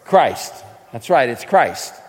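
Inside a large hall, a man with a medium, sing-song, slightly mellow voice teaches scripture slowly, sermon-style. The preacher, leading a class, quizzes his listeners and then gives the answers himself.

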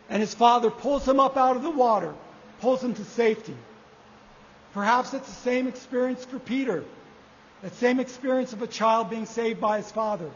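A man preaching a sermon, measured and repeating key phrases for emphasis. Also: very high voice. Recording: echoey hall, dull lo-fi sound.

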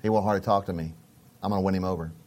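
Lowish-voiced middle-aged male pastor storytelling. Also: steady tone, very fast, a little mellow. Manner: conversational storytelling, repeats phrases. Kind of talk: sermon.

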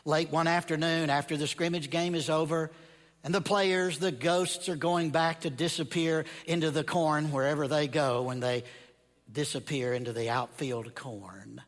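A man preaching a sermon, retelling a story slowly and dramatically and dropping to a hush at key moments. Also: fairly high pitch, in a large hall.

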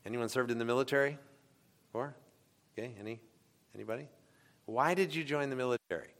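Man preaching a sermon, casual and questioning, bright tone, long hall reverb. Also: mid-range voice, a little fast. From United States. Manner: conversational, asks the congregation questions. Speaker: pastor.

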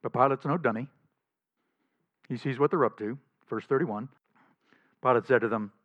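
A male pastor preaching a sermon in an emphatic, animated way, often chuckling between points. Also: medium pitch, moderate pace, long pauses, no room sound. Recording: slightly dull dry recording.

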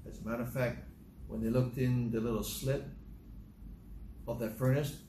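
A man's voice: mid-range voice, level tone, normal speed, warm tone, slight background noise. A man giving a sermon, reading scripture aloud and retelling it in a plain, conversational storytelling way. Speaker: preacher. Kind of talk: sermon teaching through a psalm. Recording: echoey room.

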